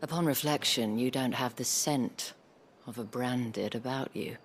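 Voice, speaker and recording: An actress voicing a haughty, teasing woman of the night with a soft, breathy voice. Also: rumbling low, a little slow. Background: game music.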